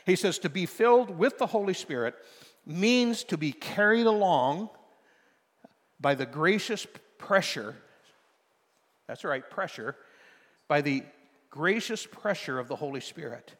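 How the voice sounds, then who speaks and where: An older man preaching a sermon as pastor, moving from soft storytelling to loud, emphatic exhortation. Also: on the high side, expressive, measured pace, long pauses. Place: church sanctuary. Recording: long hall reverb.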